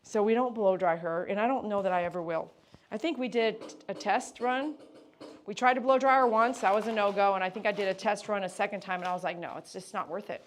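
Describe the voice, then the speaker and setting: Livestreaming from her grooming shop, a woman groomer chats casually, rambling through explanations at a slightly fast pace. She switches to a high, sing-song voice to praise a dog.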